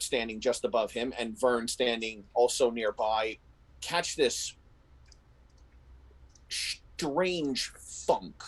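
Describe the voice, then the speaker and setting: A man's voice: medium pitch, rough recording. A man narrating a tabletop role-playing game as game master, telling the scene in vivid detail. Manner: descriptive, animated storytelling with frequent restarts.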